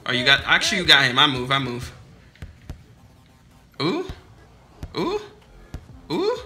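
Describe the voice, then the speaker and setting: A man's voice: a little high, huge pitch swings, measured pace, sharp tone, faint music behind. A young man giving casual, heated commentary over his own basketball video game match, swearing and trash talking his teammates and opponents.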